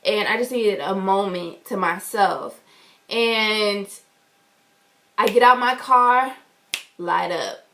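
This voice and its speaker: A woman vlogger telling an animated, indignant story to the camera. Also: mid-range voice, slow pace, long pauses. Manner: animated, indignant, acts out quotes loudly. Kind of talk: storytime vlog.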